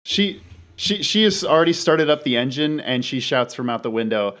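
A man's voice: medium pitch, expressive, normal speed, fairly bright tone. A man playing a tabletop game, describing actions hesitantly, with fillers. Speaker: player. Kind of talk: tabletop play.

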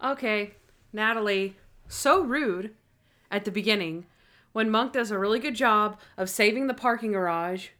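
A woman talking casually about a TV episode with a friend. She is animated, laughs often and slips into quoted lines. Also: medium pitch, moderate pace. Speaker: podcast co-host. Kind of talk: casual chat reviewing a TV episode.

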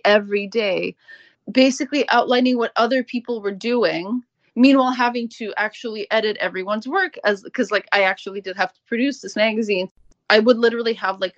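A woman tells a candid, animated story about her old workplace and acts out the people in it. The sound is dry and close, with a dull, somewhat lo-fi tone. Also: medium pitch, dry recording. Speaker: manager recounting her workplace. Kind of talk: interview testimony.

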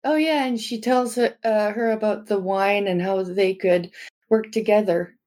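A woman playing a tabletop game, explaining her character's plan haltingly. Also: mid-range voice, fairly even intonation, darkish tone. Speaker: player. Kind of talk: casual tabletop chat.

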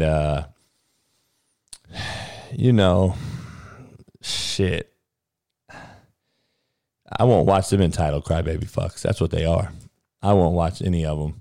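A man's voice: deep voice, darkish tone, no echo, clean studio sound. A man hosting a podcast, delivering a heated, combative sports rant full of cursing. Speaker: podcast host.

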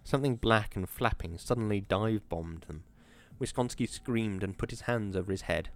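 A man reading a story aloud in steady, measured audiobook narration. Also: lowish voice.

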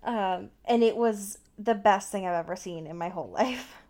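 A woman's voice: mid-range voice, moderate pace. A woman in casual chat, retelling a show's scenes with lots of swearing and filler words. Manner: animated storytelling with frequent swearing and "like" fillers. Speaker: podcast co-host recapping a TV show.

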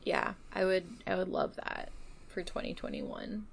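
A woman's voice: lowish voice, huge pitch swings, unhurried, creaky, slightly rough. A woman co-hosting a podcast in casual chat, rambling with lots of "like" and "um". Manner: casual, fills with "like" and "um". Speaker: podcast co-host.

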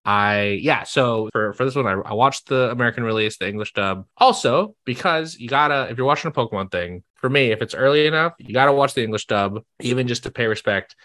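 Young guy on a podcast, bright edgy voice, animated, laughs a lot, quick asides. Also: medium pitch. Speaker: podcast guest. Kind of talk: casual podcast chat.

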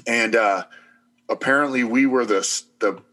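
A man's voice: medium pitch, normal speed, pushed and bright. A man, an army veteran, casually telling a long anecdote with many fillers and restarts. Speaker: podcast host, army veteran. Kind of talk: casual storytelling chat.

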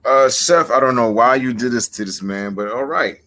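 A pro wrestler cutting an intense, rhythmic wrestling promo, threatening and deliberate. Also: male voice, mid-range voice, sharp tone.

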